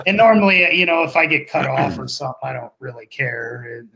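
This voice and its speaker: Gravelly-voiced man chatting on a podcast. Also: mid-range voice, a little fast, muffled recording, a crowd in the background. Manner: relaxed, hesitant, with many restarts. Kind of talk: casual podcast chat.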